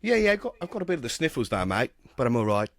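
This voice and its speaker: A man's voice: mid-range voice, very animated, racing, dry recording. A man doing a clumsy, hammy impression of a brash Australian man, pretending to have a cold. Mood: blustery. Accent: put-on Australian. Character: brash Australian bloke, fake sniffly.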